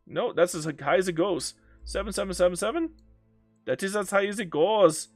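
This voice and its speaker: A man's voice: sits high, normal speed, no room sound, studio quality, faint music behind. A young man giving goofy, teasing let's-play commentary, haggling aloud with the game and calling everyone bro. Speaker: strategy game player.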